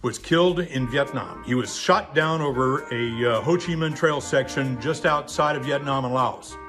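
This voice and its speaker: A man's voice: mid-range voice, moderate pace. A man in his sixties, a retired army general, bluntly addressing the camera in a political ad. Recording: voice over background music.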